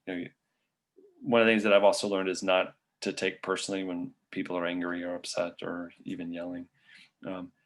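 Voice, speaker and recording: A man's voice: fairly low pitch, vocal fry. A male physician presenter answering audience questions in an online lecture, talking casually and thinking aloud with frequent fillers.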